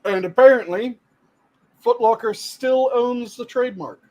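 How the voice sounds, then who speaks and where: A man's voice: extremely high pitch, measured pace, darkish tone. A man co-hosting a podcast, chatting casually and explaining bits of trivia he looked up. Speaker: podcast co-host. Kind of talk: casual chat.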